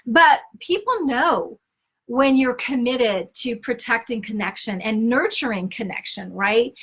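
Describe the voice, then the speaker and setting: A woman's voice: on the high side, lively intonation, a little slow, fairly bright tone, slightly rough. A woman giving a conversational teaching talk on relationships, emphatic and direct, often checking in with "okay?" and acting out quoted lines. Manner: acts out quoted dialogue with shifts in tone. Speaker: Christian speaker and author.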